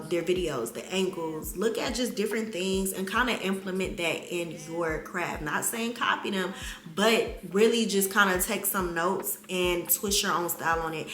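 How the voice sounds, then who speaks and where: A young woman vlogger answers viewer questions in an animated, slangy way, talking straight to her audience. Her voice has a bright, forceful edge. The sound bounces around an echoey room. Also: lowish voice. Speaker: vlogger, mother. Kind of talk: casual Q&A vlog chat.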